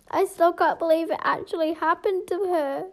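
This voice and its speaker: High-voiced woman telling a game story. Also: fairly even intonation, a little slow. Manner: emotional, dramatic, with laughs. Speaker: storyteller and main character. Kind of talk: game role-play story.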